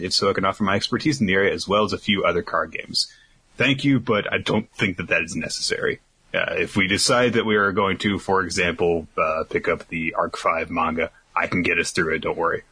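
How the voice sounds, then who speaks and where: Low husky young guy reading questions. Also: brisk, sharp tone. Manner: dry, rambling, goes off on tangents. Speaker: podcast co-host. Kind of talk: casual chat, reading listener questions.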